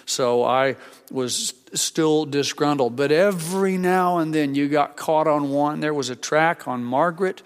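An older man preaching a sermon as a pastor, conversational and halting, with frequent restarts. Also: a little high, clear, resonant tone. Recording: long hall reverb.

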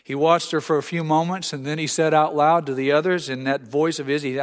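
Earnest preacher in a reverberant hall. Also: male voice, on the high side, steady tone, brisk. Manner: earnest storytelling, acts out voices. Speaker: pastor. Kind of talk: sermon.

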